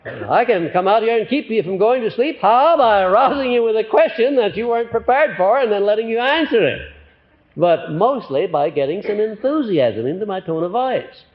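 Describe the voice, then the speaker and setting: Older guy giving a pep-talk lecture, kinda high-pitched, muffled 50s tape sound, gets loud then soft, lots of uhs. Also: moderate pace. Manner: animated, swings between loud emphatic and quiet, frequent uh fillers. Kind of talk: live motivational lecture. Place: lecture hall with audience. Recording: muffled 1950s lecture recording.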